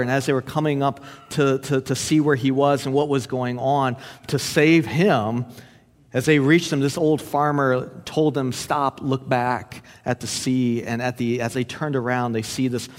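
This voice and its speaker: A man preaching a sermon as pastor, telling a story earnestly and often stumbling over and repeating his words. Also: mid-range voice. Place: church sanctuary. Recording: long church hall reverb.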